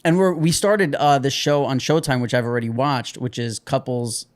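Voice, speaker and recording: A man's voice: medium pitch, fairly even intonation, normal speed. A man co-hosting a podcast, chatting casually and rambling through a story about his relationship. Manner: rambling, retells arguments with acted quotes. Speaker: podcast co-host. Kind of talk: casual chat.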